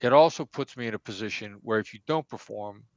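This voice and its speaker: A man's voice: fairly low pitch, a little fast, darkish tone, no echo, muffled recording. A man, a negotiation expert, answering interview questions and acting out sample dialogue to make his points. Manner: emphatic, acts out example dialogue.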